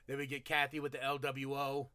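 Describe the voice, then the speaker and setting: A man's voice: mid-range voice, monotone, a little fast, sharp tone, clean tone, no room sound. A man hosting a podcast, casually recapping a wrestling show, laughing and acting out the wrestlers' lines with lots of energy. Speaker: podcast host. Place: home room.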